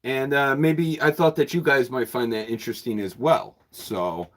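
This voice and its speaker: A man's voice: mid-range voice, steady tone, moderate pace, fairly bright tone. A man who runs a bookshop, chatting casually with viewers on a livestream in a rambling way, often repeating words and chuckling. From New York State. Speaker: bookseller and channel host. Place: his bookshop.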